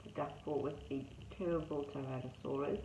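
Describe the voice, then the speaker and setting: Low-voiced lady teacher reading a rhyming picture book, sing-song, echoey dull room. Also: fairly even intonation, moderate pace, noisy background. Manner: sing-song rhythmic reading with chatty asides about the pictures. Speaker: teacher reading to young children.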